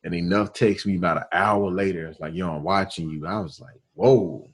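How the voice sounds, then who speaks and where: Deep-voiced man telling stories. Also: steady tone, moderate pace, breathy edge. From Alabama, US. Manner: laid-back, storytelling with quoted dialogue and slang. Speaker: radio DJ, podcast guest. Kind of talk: casual interview storytelling.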